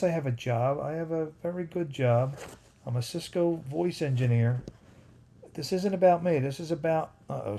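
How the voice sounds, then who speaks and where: Man, livestream host, gravelly, warm low tone, casual chat, excitable tangents. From United States. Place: home at night. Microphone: phone.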